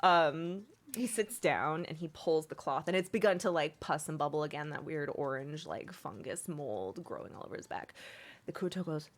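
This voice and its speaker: A woman's voice: sits low, animated, moderate pace. A woman narrating as game master in a casual, rambling way. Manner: casual, rambling, filler-heavy.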